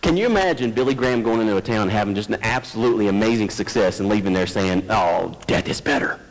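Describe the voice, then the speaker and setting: A man's voice: fairly low pitch, fast talker. A man preaching a sermon as pastor, conversational and self-deprecating, addressing his congregation. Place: church sanctuary. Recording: long church hall reverb.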